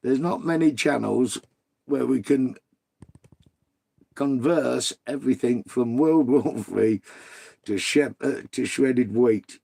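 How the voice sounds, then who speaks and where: A man's voice: mid-range voice, takes it slowly, gravelly, pauses often, dark tone, breathy edge. A middle-aged man, chatting casually on a live stream, swearing freely and bantering with viewers. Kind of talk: casual live-stream chat reading comments.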